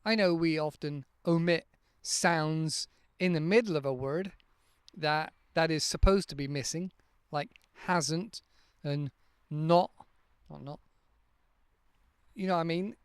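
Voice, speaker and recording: A man talks in a smooth, resonant voice pitched a little high for a man. He explains pronunciation patiently, sounding words out one at a time. The sound is dry and close, from a handheld microphone. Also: unhurried, long pauses, no room sound. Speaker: English teacher and podcast host. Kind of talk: casual podcast monologue.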